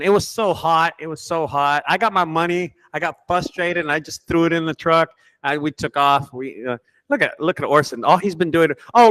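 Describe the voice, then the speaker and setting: High-voiced, profane storytelling man. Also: a bit bright. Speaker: junk removal business owner, host. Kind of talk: casual group chat.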